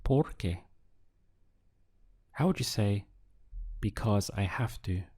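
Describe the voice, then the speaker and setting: A man whose first language is Spanish, giving a slow audio language lesson and drilling phrases with patient pauses. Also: lowish voice, mellow, slightly rough. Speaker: Spanish tutor.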